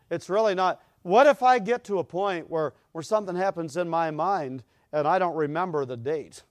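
A man's voice: fairly high pitch, normal speed, no room sound, clean studio sound. A man preaching a sermon, telling stories with acted-out voices that build to emphatic peaks. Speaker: pastor.

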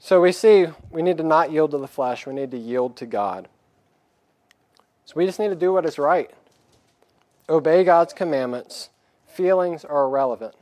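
A man preaching a sermon with a slightly raised pitch, reading scripture and breaking into plain, blunt talk. The sound is dry and close, with no room around him. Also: darkish tone, no echo. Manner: plain-spoken, acts out pleading voices of the people; reads scripture aloud in a raised voice.

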